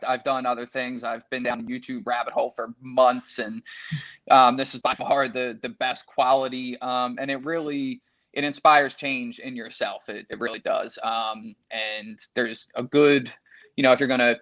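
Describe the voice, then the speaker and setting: A man's voice: mid-range voice, a bit bright. A man talks casually as a podcast guest. He is easygoing and uses many fillers, with the odd chuckle. His audio sounds dull and lo-fi. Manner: laid-back, many fillers, chuckles while talking. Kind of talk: casual interview chat.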